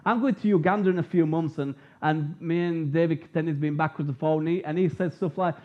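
A man's voice: on the high side, steady tone, fast talker, few pauses. A man preaching an informal sermon, chatty and jokey, telling personal stories, on a dull lo-fi recording.

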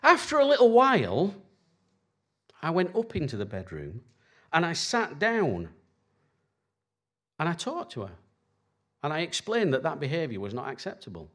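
A man in his forties gives a conversational sermon as pastor, animated and constantly checking in with his listeners. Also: fairly high pitch, moderate pace, long pauses.

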